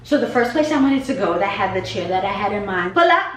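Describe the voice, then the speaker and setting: A woman chatting in a lively storytime voice, her pitch swinging up and down as she acts out the back-and-forth. She records in a roomy space that echoes. A faint hum sits under her voice. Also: brisk, far from the mic. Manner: animated, acts out conversations. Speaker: hair stylist and vlogger. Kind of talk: casual storytime. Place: home garage studio.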